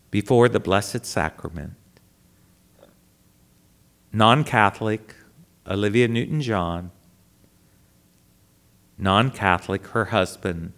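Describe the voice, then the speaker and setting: A priest tells a story to a live audience in a dramatic way. He speaks slowly, and his pitch swoops widely. His voice drops to a hush and then rises loud. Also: vocal fry. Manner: dramatic, animated storyteller who swings between hushed and loud. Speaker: priest giving a talk.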